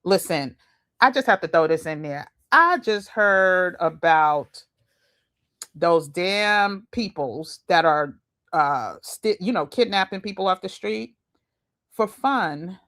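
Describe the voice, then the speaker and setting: A woman's voice: on the low side, expressive, slow pace, a bit bright. A woman host giving casual, chatty commentary with slangy asides and laughs as she reacts to videos.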